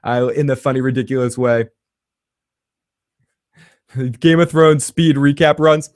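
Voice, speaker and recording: A man's voice: mid-range voice, a little fast, few pauses, darkish tone, no room sound, clean studio sound. A man hosting a casual livestream TV recap, talking in a profane, rambling way and laughing often. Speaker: TV recap host.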